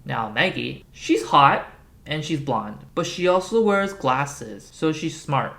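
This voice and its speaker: A video essayist recapping a film with sarcastic, ironic asides and comic timing. The voice sits at a middle pitch with a casual, wry delivery. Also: animated, slow, creaky, fairly bright tone. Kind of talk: comedic video-essay narration.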